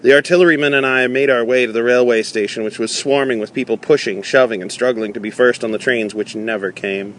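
A man reading a novel aloud in a measured way, with small slips and restarts. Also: medium pitch, steady tone, a bit bright, slight background noise. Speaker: audiobook reader.

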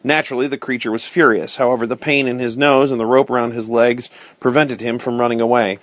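Male storyteller, first-person read-aloud, steady and clear, dry close recording. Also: mid-range voice, quick pace, dry recording. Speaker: narrator.

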